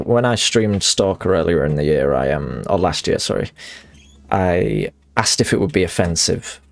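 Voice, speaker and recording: A man's voice: low voice, creaky. A young man streaming a game live and chatting as he plays, rambling and self-mocking with many restarts.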